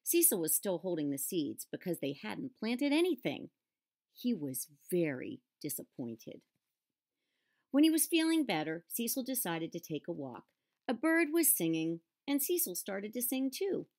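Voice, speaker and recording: A woman reading a children's picture book aloud with an animated, expressive voice. She pauses to explain words and ask gentle questions of a listener. Her pitch is mid-range for a woman. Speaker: storybook reader.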